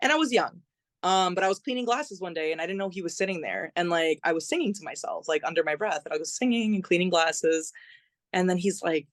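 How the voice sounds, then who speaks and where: Talking fast in a fairly low voice with no echo, a young woman guesting on a podcast shares her story as a singer-songwriter. She's chatty, uses lots of fillers, and acts out the lines she quotes.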